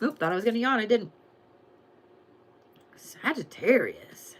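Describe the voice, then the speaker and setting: A woman giving a casual, profane, excitable weekly zodiac reading and calling her viewers y'all. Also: lowish voice. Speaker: tarot and astrology reader.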